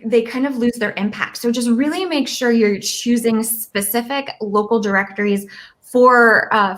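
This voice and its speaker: A woman from Virginia giving a chatty, upbeat guest presentation and laughing often. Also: fairly high pitch. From Virginia, United States. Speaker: guest speaker. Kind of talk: casual explanatory presentation.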